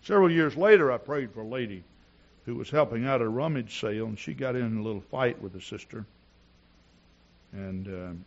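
A man preaching a sermon in a church, telling personal stories and rising to shouts at the climax. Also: mid-range voice, brisk, lo-fi sound. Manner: storytelling preacher who builds to shouting.

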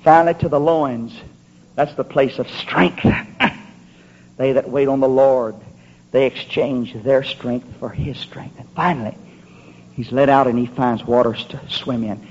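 A man preaching a fervent, rhythmic sermon at a church service, often building up to shouts. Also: mid-range voice, steady tone, unhurried, husky. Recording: muffled lo-fi recording.

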